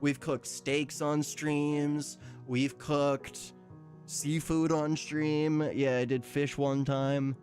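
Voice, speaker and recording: Guy streaming and chatting with chat, kinda high voice, laughs a lot, soft guitar music behind. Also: little pitch movement, drawn-out words. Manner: chatty, laughs often, reads out chat messages. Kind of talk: casual live-stream chat.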